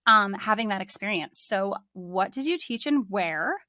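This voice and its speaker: A woman's voice: mid-range voice, lively intonation, normal speed, sharp tone, dry recording, studio quality. A woman hosting a podcast, chatting casually and bubbly, laughing often with her guest. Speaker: podcast host. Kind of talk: casual interview chat.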